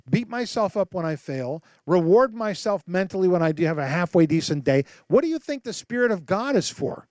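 Pastor guy preaching, kinda high voice, dry close sound, asks lots of questions, acts stuff out. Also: no room sound. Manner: animated storytelling with rhetorical questions. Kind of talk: sermon.

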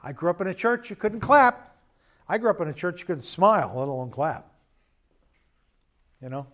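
A man's voice: sits high, big pitch swings, moderate pace, a bit bright. A man preaching a sermon as pastor in a church, conversational and joking with emphatic bursts.

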